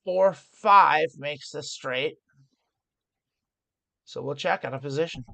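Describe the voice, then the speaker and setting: In this live poker stream, a woman reasons aloud over each hand and frequently restarts her sentences. Her low, gravelly voice sounds pushed and bright, unhurried, with no room sound.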